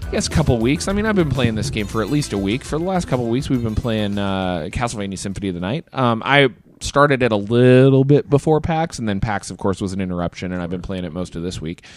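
A man's voice: on the low side, expressive, quick pace, hardly any pauses, soft background music. A man hosting a casual gaming chat, rambling and swearing freely.

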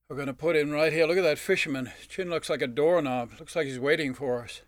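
A male storyteller performing a first-person tale in an animated, rhythmic way, chanting lines and mimicking sounds. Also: on the high side, fairly quick, few pauses, no room sound. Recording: dry studio.

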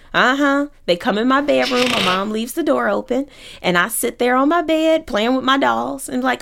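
A woman from Oakland telling a personal story in a vivid, animated way. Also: fairly high pitch, normal speed, gravelly, a little hiss or hum. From Oakland, California.

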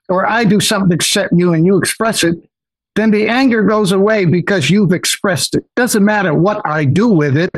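An older man telling personal stories as a guest in an interview, animated and often acting out the voices of others. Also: high voice, no echo, low-quality recording. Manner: animated, acts out quoted voices, many restarts. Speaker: guest investor. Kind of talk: personal storytelling in a podcast interview.

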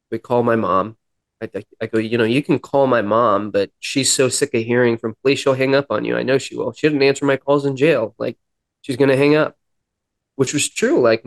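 Man, young adult, middle-pitched voice, candid storytelling guest on a podcast, earnest and reflective. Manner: earnest, reflective, quoting himself and others in dialogue.

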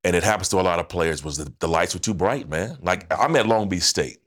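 Deep-voiced man telling stories with laughs. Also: brisk. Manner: animated, laughing storyteller, slangy. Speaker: guest, former football player. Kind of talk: casual podcast storytelling.

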